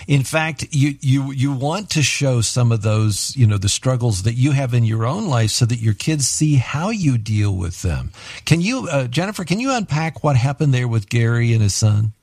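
Measured, empathetic male host. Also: mid-range voice, expressive, breathy edge, no room sound. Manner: measured, empathetic, asks gentle questions. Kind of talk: radio-style interview hosting.

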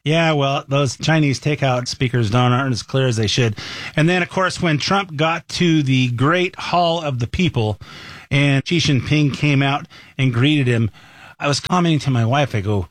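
A man's voice: mid-range voice, moderate pace, no room sound. A man hosting a talk show, giving opinionated news commentary in a folksy, storytelling way. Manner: folksy, animated storyteller who voices quotes.

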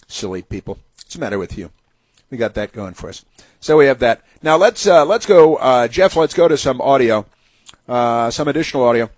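A talk-radio man with a husky, slightly rough voice, recorded close and dry with no room sound. He rants in a sarcastic, mocking way, stumbling through restarts and filler words as he goes. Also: mid-range voice, lively intonation, normal speed, a little mellow, no room sound. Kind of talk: opinionated talk radio monologue.

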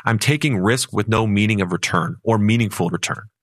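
A man's voice: on the low side, fairly quick, dry recording, studio quality. A man co-hosting a financial radio show, telling stories in a conversational way that sometimes speeds up. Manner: storytelling and conversational, with sudden speed-ups. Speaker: financial advisor co-host. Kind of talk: talk radio chat.

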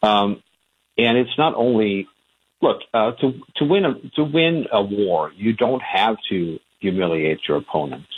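Swedish-born guy on a tinny phone line, lowish husky voice, lots of ums. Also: unhurried. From Sweden. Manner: hesitant, many ums and uhs. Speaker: guest. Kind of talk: interview answer on a radio show.

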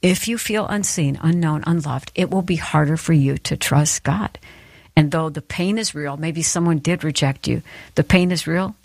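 A woman delivers an earnest devotional talk in a fairly low voice, speaking straight to the listener with encouragement. The sound is dry and close, with no room around it. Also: gravelly, darkish tone, breathy edge, no room sound. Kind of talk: sermon-style devotional talk.

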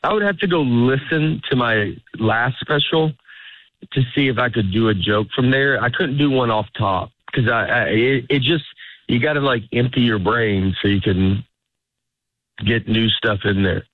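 A middle-aged male comedian talks in a loose, rambling way, stopping and restarting his sentences as he tells stories. His voice sits at an ordinary pitch and sounds dry and close. The sound is thin and tinny, like a phone line on the radio. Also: moderate pace, dry recording. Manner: rambling, self-interrupting, storytelling delivery. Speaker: stand-up comedian guest. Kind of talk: casual interview chat.

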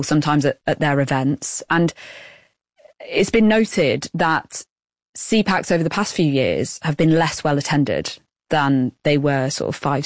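A woman reporter speaking in a measured, reflective way, mixing narration with interview questions. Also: deep voice, dry recording, clean studio sound. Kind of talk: radio news report with field interviews.

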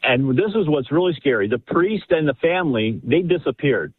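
Guy calling in on a tinny phone line, husky voice, rambly story, keeps restarting. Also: a little high, moderate pace, no room sound. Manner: animated, rambling, many restarts. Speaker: caller. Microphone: telephone.

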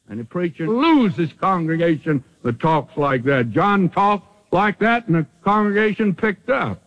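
Animated old-time radio preacher man. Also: a little high, unhurried, hardly any pauses, highs cut off. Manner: dramatic, swings from loud to hushed. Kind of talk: sermon.

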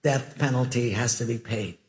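A man voicing a devoted grown daughter pleading for her father in a sermon story, earnest and gentle. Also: mid-range voice, normal speed, close to an everyday voice.

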